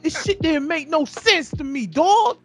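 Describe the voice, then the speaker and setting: This is a man speaking in a heated, profanity-laced podcast rant. He takes his time, and his pitch swings widely as he hammers each point again and again. Faint music plays underneath. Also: lively intonation, a little slow. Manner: heated, profane, repetitive ranting. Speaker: podcast co-host.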